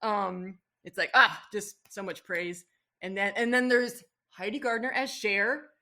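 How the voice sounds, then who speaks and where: A woman's voice: medium pitch, unhurried, pushed and bright. A woman chatting on a podcast, gushing and rambling with frequent restarts. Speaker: podcast guest. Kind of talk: casual podcast chat.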